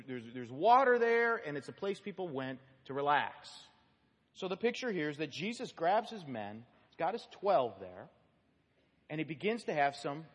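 A man preaches in a church sanctuary, his slightly high, husky voice rising and falling with lively emphasis. He teaches through the passage line by line, stressing single words and asking the room questions. The sound carries a long reverb from the hall. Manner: animated teaching, stresses key words, asks the congregation questions. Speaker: pastor. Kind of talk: expository sermon.

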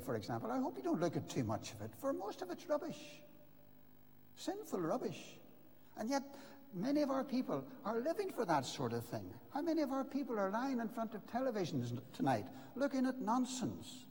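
An older man preaching a sermon, earnest and emphatic, with dramatic pauses. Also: very high voice, darkish tone. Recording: long reverb of a large hall.

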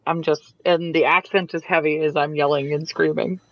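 A male player animatedly describes his character's actions. His voice is high, and the sound is muffled and lo-fi. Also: moderate pace. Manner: animated, narrating own character. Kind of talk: tabletop game chat.

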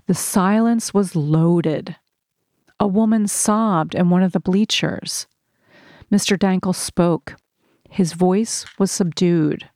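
A woman narrating a first-person audiobook in a slow, measured reading. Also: lowish voice, a little mellow, dry recording, clean studio sound.

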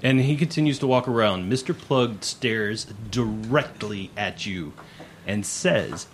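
A man's voice: fairly low pitch, lively intonation, a little slow, a little hiss or hum. A man narrating a tabletop game as game master, in a casual, rambling way with frequent self-corrections.

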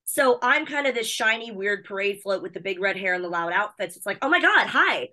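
Bubbly American woman guest, talks fast and chatty, excitable. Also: medium pitch. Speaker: interview guest, wrestling personality. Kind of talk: casual chat.

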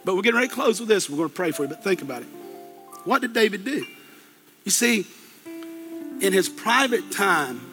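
Man, preacher, sermon, folksy storytelling, high-pitched, faint guitar behind. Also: very animated, a little fast, long pauses, sharp tone. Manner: folksy storytelling with colloquial asides.

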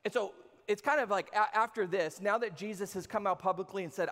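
A man's voice: high-pitched, fairly even intonation, fast, a bit bright. A man in his thirties preaching a sermon as a pastor, casual and joking, talking straight to his audience. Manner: conversational, jokey, talks to the audience. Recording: long hall reverb.

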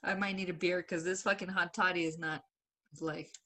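A woman's voice: on the low side, steady tone, normal speed, bright, forceful tone. A young woman co-hosting a podcast, rambling through stories in a casual chat, swearing and laughing often. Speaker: podcast co-host.

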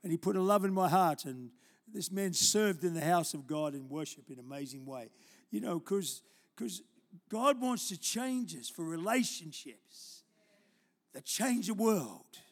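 An older man preaching a live church sermon, telling stories and moving between loud exhortation and quiet, tender asides. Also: high-pitched, expressive, measured pace. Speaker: pastor. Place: church auditorium.

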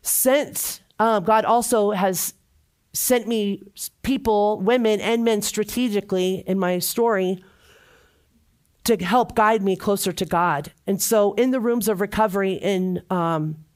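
A middle-aged woman shares her personal testimony before a church gathering. Her voice sits at an ordinary middle pitch, and she speaks earnestly and from the heart, often repeating phrases for emphasis. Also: unhurried, a little mellow. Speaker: church member giving testimony.

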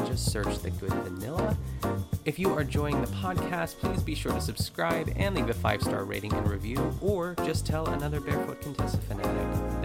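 Gravelly and medium-pitched, this man hosts a podcast where he playfully recaps a cooking show. The chat is casual, and he laughs frequently.

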